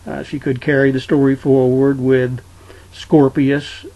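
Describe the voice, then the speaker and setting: A man casually discussing a book, talking in an unhurried way and reading passages aloud. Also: medium pitch, flat delivery, mellow, rough recording. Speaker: book reviewer.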